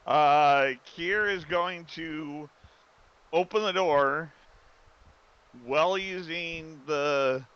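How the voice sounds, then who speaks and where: A man playing a tabletop game, halting and searching for words as he explains his moves. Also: fairly high pitch, a bit bright, clean tone. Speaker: player. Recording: dull lo-fi recording.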